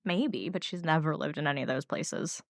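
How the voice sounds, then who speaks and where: A woman's voice: deep voice, brisk, vocal fry, dry recording, clean studio sound. Easygoing woman podcast co-host. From Northern Virginia. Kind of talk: casual chat.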